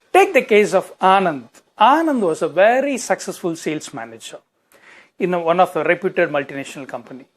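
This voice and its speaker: High-voiced motivational speaker. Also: male voice. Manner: plain explanatory storytelling. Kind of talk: storytelling talk.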